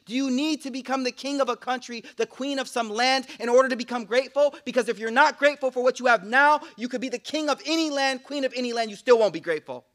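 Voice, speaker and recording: Bright high-voiced preacher, casual. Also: male voice. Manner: casual, joking, slangy, addresses the audience directly; recites Arabic quotations quickly. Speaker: Islamic lecturer. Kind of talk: energetic sermon to a live audience.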